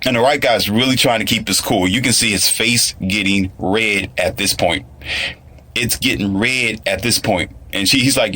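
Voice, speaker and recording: A man's voice: fairly low pitch, moderate pace, sharp tone, slightly rough. A man giving a casual commentary monologue, rambling, repetitive and emphatic. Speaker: online commentator.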